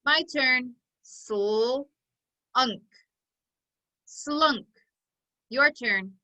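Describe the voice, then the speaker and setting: A woman leading a phonics drill at a very slow, careful pace, sounding out each piece before blending it. Her voice is bright and a little high, pitched for young learners. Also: low-quality recording. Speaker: phonics teacher. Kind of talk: online phonics lesson.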